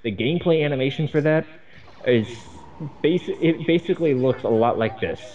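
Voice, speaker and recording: A man's voice: a little high, fairly quick, muffled recording. A man co-hosting a cartoon review, dry and sarcastic, rambling between fillers. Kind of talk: sarcastic commentary chat.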